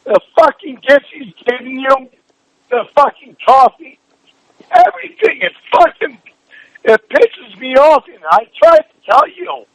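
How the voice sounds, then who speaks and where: A man shouting in a heated private argument, furious and swearing nonstop, his voice sore and strained. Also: very high voice, a little slow, no room sound, rough recording.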